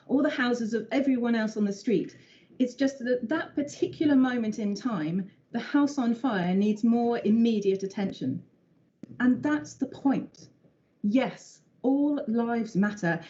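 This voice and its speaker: A woman speaks in a council chamber, earnest and persuasive as she argues her point. Her voice is mellow and rounded. The recording sounds dull and lo-fi. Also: a little high. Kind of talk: formal council debate speech.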